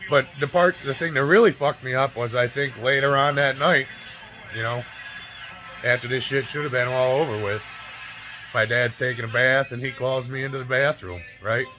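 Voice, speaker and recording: A man's voice: medium pitch, steady tone, normal speed, poor audio. A man in his forties telling a painful personal story to camera, emotional and near tears, swearing freely and often tagging his sentences with "right?" and "you know?". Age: 40s. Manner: raw, profane, keeps adding "right?" and "you know?". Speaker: fitness vlogger. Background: music.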